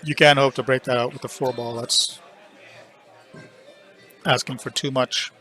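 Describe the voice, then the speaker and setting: A man's voice: medium pitch, flat delivery, measured pace, sharp tone, faint music behind. A man commenting live on a pool match into a headset, joking and giving firm opinions on the shots.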